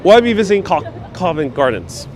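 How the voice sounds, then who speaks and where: A man's voice: on the high side, big pitch swings, a little fast, darkish tone, a faint crowd. A man guiding a live-streamed city bus tour, chatting casually and reading out viewer comments. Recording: faint street and traffic noise.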